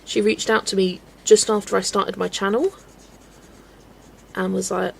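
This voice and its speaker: A woman's voice: medium pitch, flat delivery, measured pace, vocal fry, pauses often, slightly rough. A young English woman hosting a colouring livestream, chatting casually and telling stories with frequent giggles. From England. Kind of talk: casual chat while colouring, reading chat.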